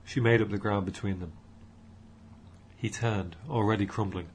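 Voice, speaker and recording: Husky low male audiobook narrator. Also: steady tone, moderate pace, highs cut off.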